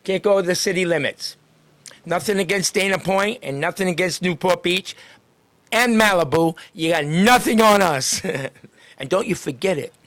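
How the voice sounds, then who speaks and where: Friendly guy chatting up strangers on the street, kinda high voice, laughs a lot. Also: moderate pace, a bit bright. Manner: upbeat, chatty, laughs often. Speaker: street greeter and podcast host. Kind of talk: casual chat with passersby. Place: outdoors on a town street.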